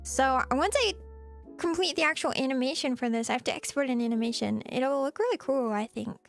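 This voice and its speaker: A woman's voice: high-pitched, a little fast, vocal fry. A woman streaming as a VTuber, chatting casually and playfully with viewers and giggling often. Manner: playful and giggly, cutesy teasing. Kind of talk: casual live-stream chat. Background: faint background music.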